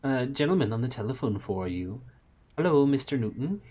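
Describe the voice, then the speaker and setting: A man reading a story aloud and voicing a chatty, friendly middle-aged woman medium in a high, cooing, sing-song voice. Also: very animated, a little fast, dark tone.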